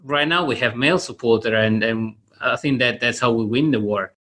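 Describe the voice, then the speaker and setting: A man hosting a casual conversation on a video call, halting and repeating words as he thinks. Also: mid-range voice, fairly bright tone.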